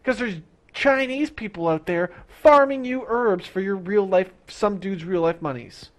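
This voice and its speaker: A young man with a high-pitched voice rants through a gaming stream. He talks in an excitable, profane rush and keeps building himself up. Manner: profane, excitable, fast rant. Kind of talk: ranting gaming stream chat.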